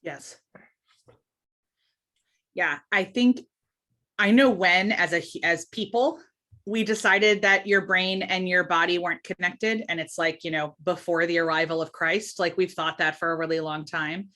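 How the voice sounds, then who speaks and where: A woman's voice: on the low side, steady tone, a little slow, bright, forceful tone. A woman talking as a podcast guest, emphatic and candid, often restarting her sentences in casual interview chat.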